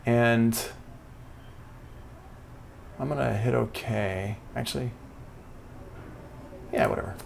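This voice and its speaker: A man teaching music production software in a casual, chatty live-streamed tutorial, talking through each step as he demonstrates it. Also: mid-range voice, takes it slowly, gravelly, long pauses, slight background noise.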